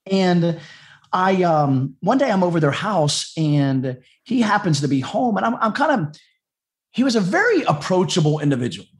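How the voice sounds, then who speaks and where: A man's voice: high-pitched, big pitch swings, moderate pace. A man, a dog trainer telling his story as a podcast guest, rambling and chatty with many restarts. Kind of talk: casual storytelling interview.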